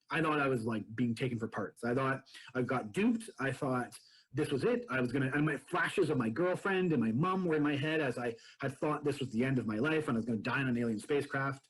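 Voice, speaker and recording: A man giving a prerecorded talk, recounting his own experience in a halting, earnest way with many restarts. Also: medium pitch, slightly rough, poor audio. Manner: halting, full of restarts and fillers; earnest and animated when retelling fear. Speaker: presenter. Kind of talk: prerecorded first-person account.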